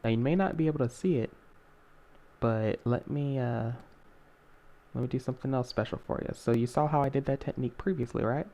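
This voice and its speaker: A man's voice: mid-range voice, brisk, creaky, warm tone. A young man hosting a casual screen-recorded art tutorial, talking in a rambling way with many fillers and self-corrections.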